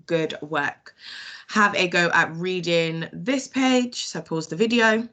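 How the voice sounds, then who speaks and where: A woman's voice: on the low side, slow, a bit bright. A woman teacher with a British accent, sounding out words letter by letter in a children's phonics lesson and praising often.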